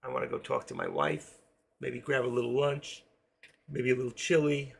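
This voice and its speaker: Older man, New York accent, raspy gravelly voice, chatty live-stream host. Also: mid-range voice, sing-song, normal speed. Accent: New York, with a trace of Florida. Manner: chatty, jokey, talks to viewers while trading. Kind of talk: casual live-stream commentary. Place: home.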